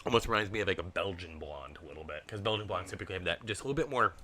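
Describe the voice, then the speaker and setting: A man's voice: low-pitched, expressive, pushed and bright, slight background noise. A man co-hosting a beer tasting vlog, chatting casually and joking often. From Wisconsin. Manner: chatty, jokey, quick to laugh. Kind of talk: casual chat.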